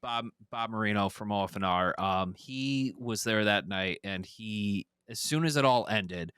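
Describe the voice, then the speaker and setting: A man's voice: lowish voice, measured pace, fairly bright tone, smooth, no room sound, studio quality. A man guesting on a podcast, telling a story in casual, rambling talk full of fillers and swearing. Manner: rambling, profane, many fillers.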